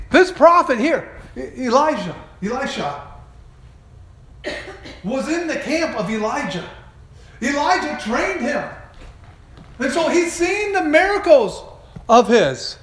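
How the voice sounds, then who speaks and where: A man preaching a sermon, retelling a story in an animated way and putting questions to his listeners. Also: very high-pitched. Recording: very echoey room.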